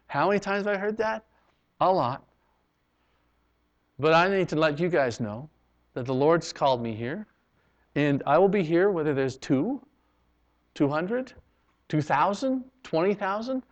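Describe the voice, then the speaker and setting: A male pastor from Canada preaching a sermon, swinging from loud, emphatic lines to hushed ones, on a dull lo-fi recording. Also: fairly high pitch.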